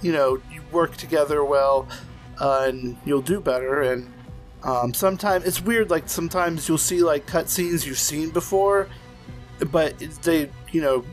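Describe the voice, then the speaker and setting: A man's voice: fairly high pitch, unhurried, faint music behind. A man chatting on a podcast in a loose, rambling way, full of fillers and casual swearing. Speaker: podcast co-host. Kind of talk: casual chat.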